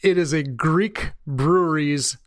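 A man's voice: fairly high pitch, takes it slowly, no room sound. A man co-hosting a podcast in casual chat, dry and teasing. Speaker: podcast co-host.

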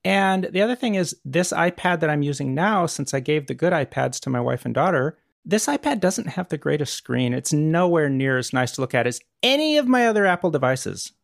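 A middle-aged man co-hosting a podcast in casual chat, blunt and animated, swearing offhand. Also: fairly high pitch, a little fast, gravelly, few pauses, dry recording, studio quality. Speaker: podcast co-host.

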